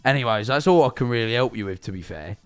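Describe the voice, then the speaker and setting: A young man from England chats loosely while taking viewer calls, repeating himself and stumbling through sentences. His voice sits at an ordinary pitch, with faint music running in the background. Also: animated, quick pace, clean tone. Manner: rambling, stammers and repeats words, swears casually. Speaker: streamer answering viewer calls. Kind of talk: casual live-stream chat.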